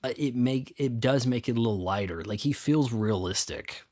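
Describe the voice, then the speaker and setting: A man's voice: mid-range voice, normal speed, darkish tone, no echo, clean studio sound. A man hosting a casual solo chat, rambling and stop-start with sarcastic asides. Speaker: youtube host. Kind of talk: casual solo chat answering viewer questions.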